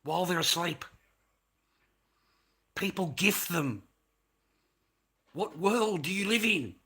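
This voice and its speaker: Male streamer, bright edgy voice, profane heated rant to camera. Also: high-pitched, lively intonation, slow pace, pauses often. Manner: profane, heated ranting with repetition. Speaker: livestream host. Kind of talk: ranting live stream monologue.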